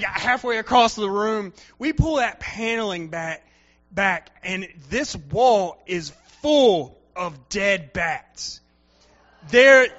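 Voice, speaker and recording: A male preacher tells a story during his sermon, acting out the people in it with animated energy. His voice sits high and bright, and he takes his time with the words. The recording is dull and lo-fi.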